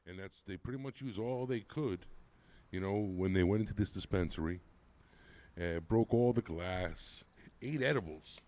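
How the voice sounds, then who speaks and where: A man's voice: sits low, moderate pace, warm tone. A man co-hosting a casual podcast, telling a story in a joking, offhand way. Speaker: podcast co-host. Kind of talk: casual chat.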